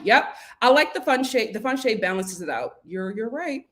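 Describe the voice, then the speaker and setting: A woman's voice: fairly high pitch, normal speed, few pauses. A young woman hosting a casual live stream, reading viewer comments aloud and chatting back with frequent laughs and restarts. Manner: chatty and animated, laughs often, stammers and restarts.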